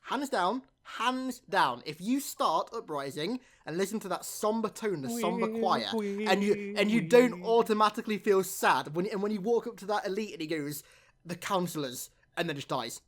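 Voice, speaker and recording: A man's voice: high-pitched, normal speed, fairly bright tone. A man in a casual podcast debate, making teasing, mock-grandiose claims. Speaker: podcast guest.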